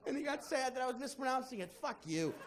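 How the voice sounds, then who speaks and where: Animated high-voiced male stand-up comic. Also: quick pace, over a noisy crowd. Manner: animated storytelling, acts out characters, shouts punchlines. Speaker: stand-up comedian. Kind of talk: stand-up comedy routine.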